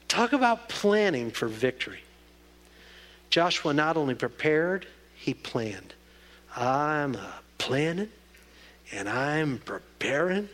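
A man preaching a sermon, rising to high loud calls and dropping to hushed prayer. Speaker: pastor.

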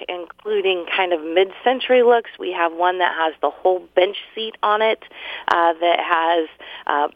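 A woman, a store owner giving a friendly sales pitch in a promotional interview, listing products and prices. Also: no room sound. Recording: phone line, very dry.

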